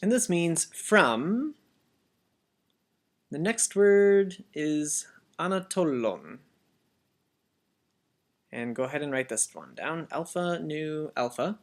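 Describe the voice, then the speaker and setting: Slow, patient man teaching a lesson. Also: a little high, expressive. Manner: patient, repeats words for learners to echo. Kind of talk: slow classroom language lesson.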